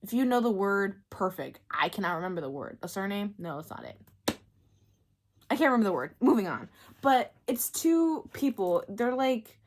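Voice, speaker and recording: A woman giving a casual book talk as a vlogger, ranting in an animated, exasperated way with lots of fillers and bursts of laughter. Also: mid-range voice. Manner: breaks into laughter.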